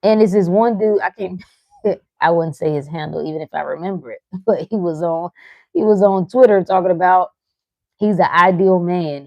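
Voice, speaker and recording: With a fairly low, mellow voice and no room sound, a woman runs a live motivational talk. She reads her viewers' comments, teasing them with short laughs, and talks candidly with plenty of profanity.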